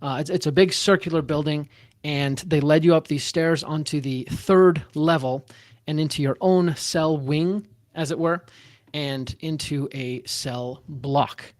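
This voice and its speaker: A man narrating a tabletop one-shot as game master, halting with many fillers and restarts. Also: fairly high pitch, no room sound.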